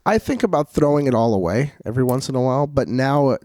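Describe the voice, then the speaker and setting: A man's voice: medium pitch, lively intonation, fast, darkish tone. A young man co-hosting a podcast, rambling through a story and acting out quoted lines in casual chat. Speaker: co-host.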